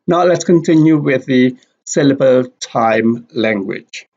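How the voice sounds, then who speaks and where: A man explaining a language lesson slowly and deliberately, repeating example words. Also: medium pitch, darkish tone. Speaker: language teacher. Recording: dull lo-fi recording.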